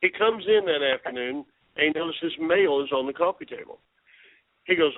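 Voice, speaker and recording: Caller, man, lively storyteller who does the voices, somewhat high voice, dry tinny phone line. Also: normal speed, no room sound. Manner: animated storyteller, acts out quoted voices, laughs often. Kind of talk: casual phone chat retelling a book.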